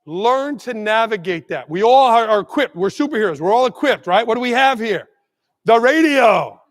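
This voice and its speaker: A man giving an energetic motivational keynote to school administrators, acting out quick exchanges with staff and parents. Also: extremely high pitch. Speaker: keynote speaker. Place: large conference hall. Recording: long hall reverb.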